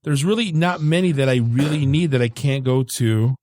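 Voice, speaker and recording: A man's voice: medium pitch, moderate pace, dry recording. Man cohost ranting and joking, laughs a lot, dry mic. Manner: jokey, animated, laughs often. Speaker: podcast co-host. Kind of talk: casual podcast chat.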